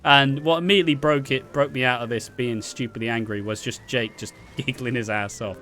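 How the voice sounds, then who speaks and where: A man's voice: medium pitch, brisk, few pauses. Young man, casual storytime, swearing often, laughing asides, faint music behind. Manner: profane, animated, laughing asides. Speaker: vlogger.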